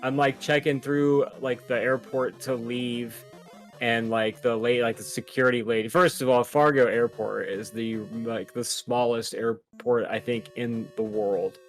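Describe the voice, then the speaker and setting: A man's voice: medium pitch, steady tone, a little slow, soft background music. A man co-hosting a podcast, telling rambling, laughing stories in casual chat. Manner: chatty, rambling, laughs at his own stories. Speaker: podcast co-host.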